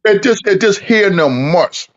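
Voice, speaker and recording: Lively profane man storyteller, lo-fi. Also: high-pitched, moderate pace. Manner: animated, profane, laughing while telling. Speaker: podcast co-host telling a story. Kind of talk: casual storytelling chat. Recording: dull lo-fi recording.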